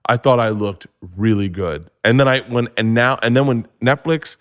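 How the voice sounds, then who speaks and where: A man telling stories as a comedy guest, excitable and profane, often restarting with "like". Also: medium pitch, moderate pace, clear, resonant tone. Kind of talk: casual storytelling.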